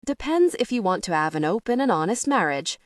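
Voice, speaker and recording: A woman's voice: mid-range voice, very animated, a little fast, no room sound, clean studio sound, far from the mic, close to an everyday voice. A woman voicing a blunt, knowing middle-aged male cab driver with a South London accent. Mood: matter-of-fact. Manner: blunt, knowing, matter-of-fact.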